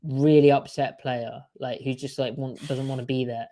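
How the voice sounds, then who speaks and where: A man's voice: medium pitch, fairly even intonation, moderate pace, warm tone, slight background noise. A man co-hosting a livestream sports podcast, chatting in a wry, sarcastic way. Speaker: podcast co-host. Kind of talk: casual livestream sports chat.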